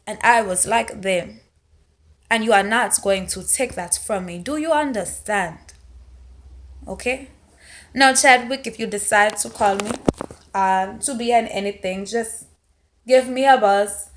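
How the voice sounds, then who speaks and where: A woman's voice: mid-range voice, roomy sound, a little hiss or hum. A woman from Alabama reviewing a film in a casual vlog, playfully talking in a strong put-on accent and stretching her phrases for emphasis. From Montgomery, Alabama, United States. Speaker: movie reviewer.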